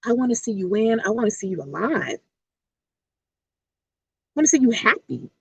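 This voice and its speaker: A woman's voice: on the high side, sing-song, normal speed, gravelly, breathy edge, no echo, poor audio. A woman life coach giving a motivational vlog talk, emphatic, with a repetitive, preaching cadence.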